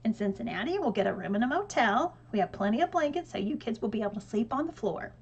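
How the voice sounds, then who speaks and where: An organized, businesslike mother reads her plans point by point, as a woman reader puts her on. Her voice sits somewhat high, and the recording is a little dull. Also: animated, slightly rough. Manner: methodical, brisk list-reading.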